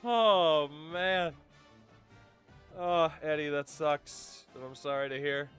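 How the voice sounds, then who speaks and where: A male streamer talking over a video game in a relaxed, joking way, quick to break into laughter. His voice is bright and forward, his pace slow and easy. Soft music plays faintly under him. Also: a little high, clean tone. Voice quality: laughs often, loose and joking. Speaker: gaming streamer. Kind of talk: casual live-stream commentary.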